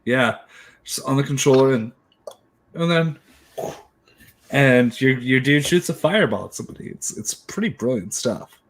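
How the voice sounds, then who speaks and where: Animated joking man on a review show. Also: mid-range voice, moderate pace, pauses often. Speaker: show co-host. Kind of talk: tipsy movie review chat.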